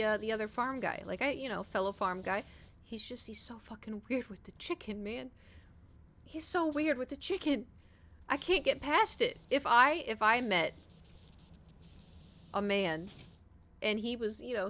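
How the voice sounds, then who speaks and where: A woman's voice: mid-range voice, slight background noise. A woman streamer chatting casually while she plays, rambling and swearing as she tells stories. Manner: rambling, profane, animated storytelling. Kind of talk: casual chat while gaming.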